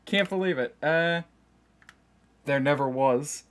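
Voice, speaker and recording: A man's voice: mid-range voice, slow, long pauses. A man streaming a game live, talking casually and joking at himself with frequent laughs, keyboard typing behind him. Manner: chatty, self-mocking, laughs often.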